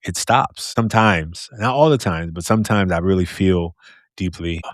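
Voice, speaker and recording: A man hosting a podcast interview with a loud, deep, projecting voice, talking in an animated, expressive way and laughing often. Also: moderate pace, no room sound, clean studio sound. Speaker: podcast host. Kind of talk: casual conversational interview.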